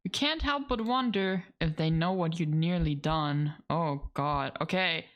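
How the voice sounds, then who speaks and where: A woman's voice: low-pitched, measured pace. A woman streaming a game, reading its narration aloud and reacting with laughs and casual swearing. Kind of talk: let's play commentary, reading game text aloud.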